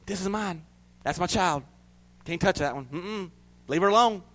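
Man playing God, protective father, firm commands, reassuring, high voice, sermon. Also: moderate pace, fairly bright tone.

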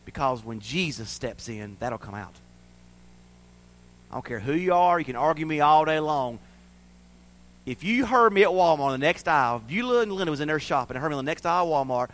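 A man preaching a sermon as pastor, impassioned and folksy, dropping from loud declarations to hushed passages. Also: fairly high pitch, expressive, brisk. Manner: impassioned, swings between loud declarations and hushed, quiet stretches; folksy and plainspoken.

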